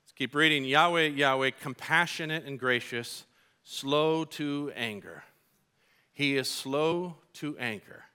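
A middle-aged male pastor delivers a sermon in a bright, forward voice that sits a little high for a man. He preaches earnestly and with animation, and he acts out his own exasperated outbursts when he tells a personal story. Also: smooth. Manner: earnest and animated, acting out his own frustrated shouting in stories.

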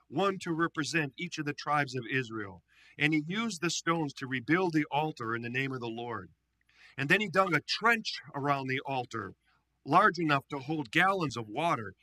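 Male pastor, lively scripture storyteller, bright forceful tone, slightly high. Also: low-quality recording. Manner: animated storytelling with playful asides. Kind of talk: sermon with scripture reading.

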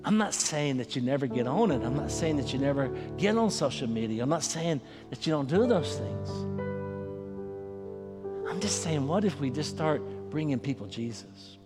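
A man's voice: on the high side, animated, normal speed, big-room sound, music in the background. A man preaching a sermon as pastor, in a folksy, conversational way. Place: church sanctuary.

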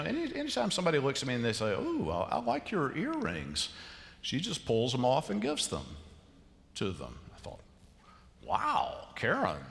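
A man preaching a sermon as a pastor, telling stories in an animated, conversational way. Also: mid-range voice. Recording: reverberant church hall.

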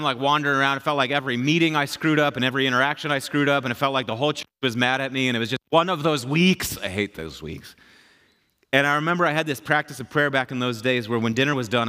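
A man's voice: mid-range voice, bright, forceful tone. A middle-aged man, a pastor, preaching a sermon in a conversational, emphatic way, repeating his key phrases.

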